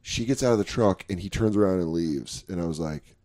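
A man's voice: low voice, fairly quick, darkish tone. A man in his thirties, a comedian casually telling stories, acting out both sides and swearing freely. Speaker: comedian podcast host. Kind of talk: casual storytelling chat.

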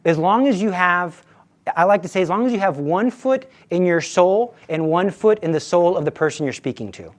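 A man's voice: sits high, expressive, moderate pace. Earnest male retreat speaker, casual faith talk to teens, chatty, keeps repeating his promises. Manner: earnest and conversational, repeats assurances; acts out quoted dialogue. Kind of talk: informal religious talk to teens.

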